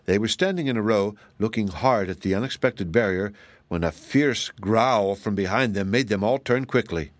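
A man's voice: on the low side, normal speed, no echo. Man reading a storybook aloud. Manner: expressive, lively reading. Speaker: narrator. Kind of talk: audiobook narration.

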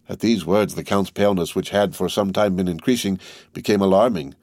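A man narrates a classic novel at a steady, measured pace. His voice is low and the recording is dry and close. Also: no room sound. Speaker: audiobook narrator.

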